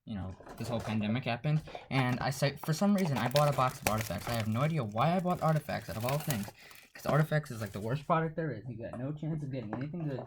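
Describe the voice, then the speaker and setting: Quiet, sarcastic man on a noisy recording. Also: mid-range voice, lively intonation, fast. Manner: quiet, half-whispered, sarcastic and dismissive. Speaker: card-opening channel host. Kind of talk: casual unboxing vlog. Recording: noisy home recording with pack crinkling.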